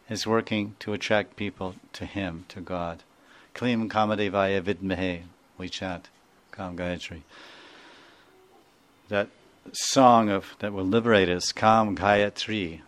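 A man giving a devotional lecture, digressive and prone to laughing, who acts out sounds as he goes. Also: fairly low pitch. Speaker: spiritual teacher.

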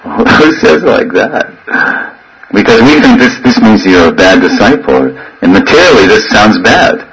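A man in his sixties giving a sermon, telling stories with animated quoted voices and frequent laughter. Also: on the low side, moderate pace, slight background noise, rough recording. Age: 60s. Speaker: spiritual teacher.

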